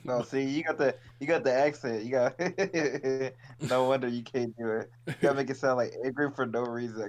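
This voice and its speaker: A man's voice: mid-range voice, fairly quick, a little mellow. A man co-hosting a podcast in casual chat, laid-back and swearing freely. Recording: dull lo-fi audio.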